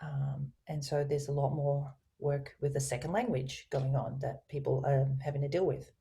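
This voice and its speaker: A woman with a low voice and a mellow, warm tone. She explains her coaching ideas with lively, enthusiastic emphasis, as a guest on a video call. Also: moderate pace, vocal fry. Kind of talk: guest in a business interview.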